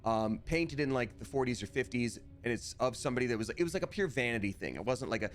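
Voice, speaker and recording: A man's voice: medium pitch, animated, fast talker. A man streaming a video game, chatting casually and telling a story while he acts out both sides of a conversation.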